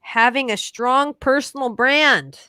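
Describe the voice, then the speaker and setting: A woman's voice: sits high, slow pace, pushed and bright, smooth, dry recording, studio quality. A woman hosting a casual livestream Q&A, upbeat and chatty, calling her guest "bro.". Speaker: livestream host.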